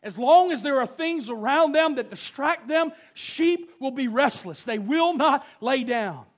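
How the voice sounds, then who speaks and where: A man, preaching a sermon with animated, homespun storytelling. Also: very high-pitched, a little slow. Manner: animated storytelling with down-home grammar. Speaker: pastor. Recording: dull lo-fi sound.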